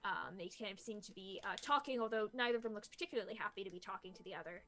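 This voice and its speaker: A woman narrating as game master of a tabletop game, pausing often with fillers as she describes the scene. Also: medium pitch, bright, forceful tone. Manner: halting, many fillers while describing scenes.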